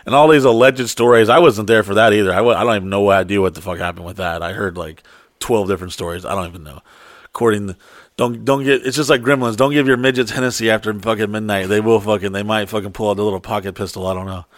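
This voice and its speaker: A man telling a wild story in casual, profane chat, acting out quotes in high voices. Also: steady tone, quick pace, no echo, studio quality. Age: adult.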